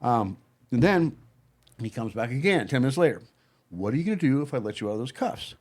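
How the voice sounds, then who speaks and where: A man telling a personal story to friends in casual talk, blunt and profane, halting often with fillers and restarts. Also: mid-range voice, very animated. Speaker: podcast guest telling his story.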